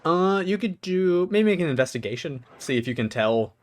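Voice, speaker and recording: A man running a tabletop game in a relaxed way, laughing often. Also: a little high, moderate pace, slight background noise. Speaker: game master.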